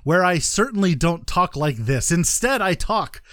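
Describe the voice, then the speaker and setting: A man's voice: on the high side, expressive, measured pace, a bit bright, no echo, studio quality. A man hosting a casual gaming podcast, joking and rambling with lots of fillers. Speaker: podcast host.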